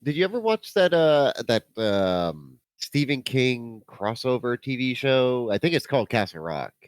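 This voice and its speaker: A man's voice: mid-range voice, unhurried, no room sound. A man co-hosting a movie podcast, casually riffing and tossing out jokes. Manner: joking, riffing with deadpan gags. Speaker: podcast co-host.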